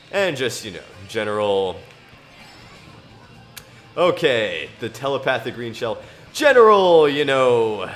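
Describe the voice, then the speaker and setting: A male streamer talks at an unhurried, slow pace, drifting between scripture reading and loose chatter to no one in particular. He rambles and chuckles often, with faint music playing behind him. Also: medium pitch, fairly bright tone. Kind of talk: casual live-stream chat with scripture reading.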